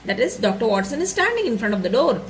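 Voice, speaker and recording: A woman's voice: fairly high pitch, sing-song, quick pace, slight background noise, poor audio. A woman teacher explaining a story to students, repeating and rephrasing each point and checking in with "right?" and "isn't it?".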